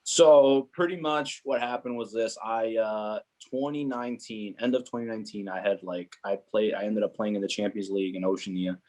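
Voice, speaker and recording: A young man telling stories as a guest on a podcast. He talks casually and with lively energy, leans on filler words, and slips into the voices of the people he quotes. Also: on the low side, moderate pace, hardly any pauses. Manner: animated, many filler "like"s, acts out quoted voices. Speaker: guest, footballer. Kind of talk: casual storytelling chat.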